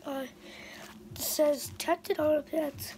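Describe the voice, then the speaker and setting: A woman doing a quiet, halting whispered role-play in a mock-ASMR manner. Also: high voice, steady tone, background noise.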